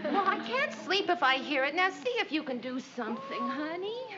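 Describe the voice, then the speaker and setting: A woman's voice: high-pitched, sing-song, normal speed, very noisy. An actress playing a young wife and mother in a 1960s sitcom, insistent and wry. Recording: dull 1960s TV soundtrack with laugh track. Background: studio audience laughter.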